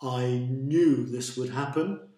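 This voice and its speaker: A man's voice: a little high, slow pace, darkish tone, roomy sound. A man voicing Jonah, a sulky male prophet who groans and complains as he speaks.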